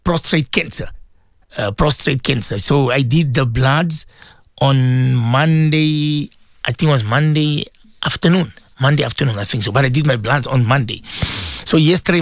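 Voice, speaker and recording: A man's voice: a little high, no echo, studio quality. A man hosting a devotional radio talk, preaching fervently and repeating himself as he pleads with listeners. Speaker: religious radio host.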